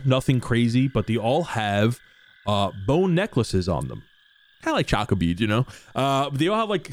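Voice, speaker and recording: Lively young man running a tabletop game. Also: mid-range voice. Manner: casual, lively, swearing, with fillers. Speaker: game master.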